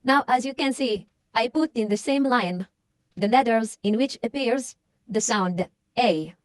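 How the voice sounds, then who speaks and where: A woman teaching beginners the English alphabet, reading out single letters and sounds slowly and carefully. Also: a little high, no echo. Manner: slow, deliberate, spelling out single letters. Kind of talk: slow alphabet lesson for beginners.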